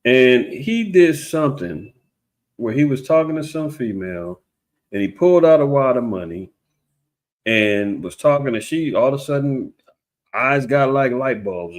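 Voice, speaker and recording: Somewhat slowly but with lively intonation, a man gives casual, preachy religious commentary online. He rambles, often restarts his sentences, and does mocking high-pitched impressions of others.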